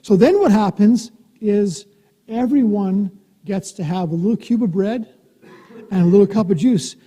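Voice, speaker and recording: A minister giving a gentle, playful communion talk to children in a church sanctuary, explaining things in simple words. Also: medium pitch, normal speed, husky. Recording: long church reverb.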